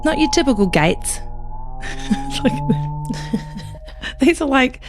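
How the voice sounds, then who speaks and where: A woman's voice: mid-range voice, very animated, very slow, over music. A woman co-hosting a casual true-crime podcast, playful and chatty, swearing freely and joking around. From not from England. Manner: playful, swears freely, tries out put-on accents. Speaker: podcast co-host.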